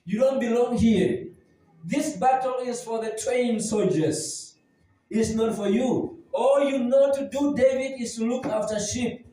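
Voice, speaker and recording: A man's voice: very high-pitched, a little slow, mellow. A man playing an angry, scornful older brother who belittles his younger brother. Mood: scolding. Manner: scolding, belittling. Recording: very echoey church hall, mic at a distance.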